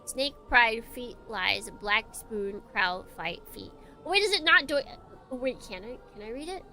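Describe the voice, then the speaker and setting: Woman streamer, bright and higher-pitched, giggly, slips into hushed dramatic narration, faint music under her voice. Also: expressive, measured pace. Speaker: streamer reading a visual novel aloud. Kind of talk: let's play commentary and dramatic reading.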